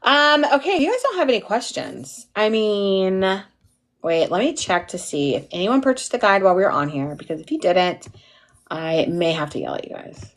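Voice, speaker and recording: A woman's voice: mid-range voice, sing-song, moderate pace. A tired woman in her forties, an instructor chatting casually and goofily with livestream viewers, reading their names and laughing often. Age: 40s. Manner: goofy, giggly, talks to chat by name.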